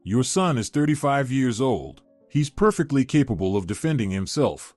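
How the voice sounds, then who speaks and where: A stern, composed woman judge, firm and measured, as a male storyteller reads her. Her lines carry an animated, varied pitch. The voice is dry and close, with faint music under it. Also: dry recording, natural voice.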